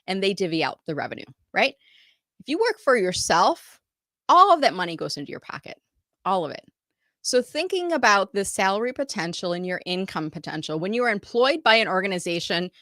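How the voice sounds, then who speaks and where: Bright, dry-voiced woman telling a story. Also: mid-range voice, no echo. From United States. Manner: animated storytelling, acting out quoted dialogue. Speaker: marketing business owner telling her career story. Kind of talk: live online talk.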